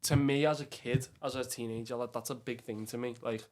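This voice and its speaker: In a mid-range, slightly mellow voice with fairly even intonation, a young man from Liverpool, England chats a little quickly as a podcast guest. His Scouse-accented talk drifts around casually, full of filler words, swearing and lots of "lad."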